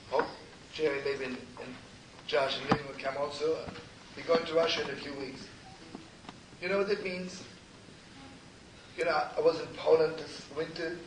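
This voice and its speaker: An older man, a rabbi, telling stories in a sermon with an intimate, repetitive manner, often sinking to a hushed near-whisper. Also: on the high side. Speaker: rabbi and teacher. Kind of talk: storytelling sermon to a live gathering. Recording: roomy distant live recording with noise.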